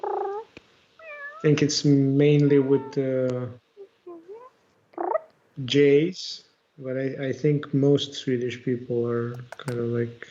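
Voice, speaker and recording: A man from Romania chatting casually on a stream, halting as he hunts for English words. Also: medium pitch, big pitch swings, mellow. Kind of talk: casual chat. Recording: dull, lo-fi stream audio.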